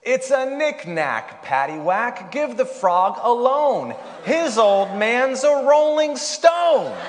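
A pastor voicing an exuberant woman bank manager, shouting a slow punchline. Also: very high voice, animated, voice pushed up, full character voice. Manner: shouting, drawn-out punchline delivery. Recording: hall reverb, heard from a distance.

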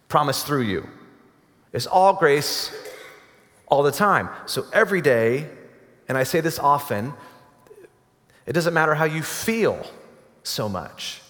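A man preaching a sermon as a pastor, earnest, rising to emphatic peaks and dropping to soft asides. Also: a little high, expressive, a little slow, pauses often, big-room sound.

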